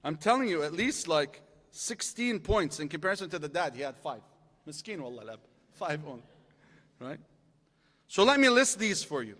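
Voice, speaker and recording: A man preaches with a bright, high-set voice that climbs as he counts through his points. He calls the audience in to answer and repeat after him. The sound rings with the long reverb of a large hall. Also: normal speed. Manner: lively, rising intensity through lists, calls audience responses. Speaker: religious lecturer. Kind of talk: sermon.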